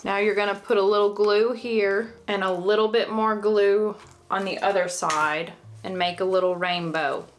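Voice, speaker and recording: A woman with a Southern US accent chatting casually through a DIY craft vlog, joking and rambling, now and then stumbling over her words, recorded in a bathroom. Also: mid-range voice. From Southern United States.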